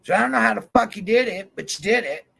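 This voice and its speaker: Gravelly high-voiced man ranting. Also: lively intonation, fast talker, fairly bright tone. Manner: heated, swears constantly, addresses people directly. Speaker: YouTube vlogger. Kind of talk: angry profane rant to camera. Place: van.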